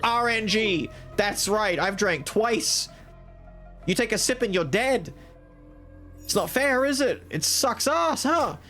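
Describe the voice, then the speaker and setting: Profane male gaming streamer, lively pitch. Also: slow, faint music behind. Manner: profane, trash-talking, swings to loud excited outbursts. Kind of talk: live gaming commentary.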